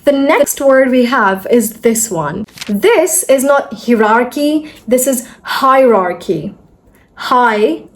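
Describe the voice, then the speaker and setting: Addressing her viewers directly, a young woman teaches pronunciation by slowly breaking words into syllables and repeating them. She has a high, expressive voice, and the recording carries a slight hiss or hum.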